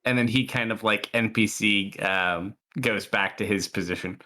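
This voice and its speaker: A man's voice: lowish voice, normal speed, sharp tone. A young man as game master, narrating a tabletop game in a loose, hesitant way with many fillers.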